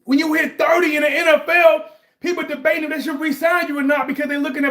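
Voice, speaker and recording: A man with a high voice holds forth on sports in loose, rambling chat. He circles back over his points and then raises his voice sharply to hammer them home. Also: quick pace. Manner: rambling, animated, bursts into shouts on points. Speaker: sports commentary vlogger. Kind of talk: casual chat.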